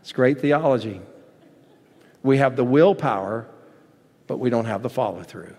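Earnest preacher in a big echoing hall. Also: male voice, mid-range voice, lively intonation, moderate pace, a little mellow. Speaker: pastor. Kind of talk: sermon with storybook reading. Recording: long hall reverb.

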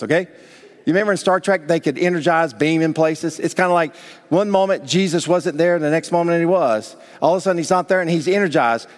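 A male pastor preaching a sermon, talking conversationally and asking the congregation rhetorical questions. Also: a little high. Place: church sanctuary. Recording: long hall reverb.

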